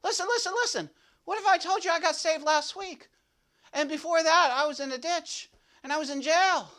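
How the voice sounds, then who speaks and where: A man's voice: extremely high pitch, moderate pace, sharp tone. A man playing a boastful, goofy young slacker in a comedic devotional monologue, rambling and repeating himself to grab attention. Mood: brash. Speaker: devotional speaker.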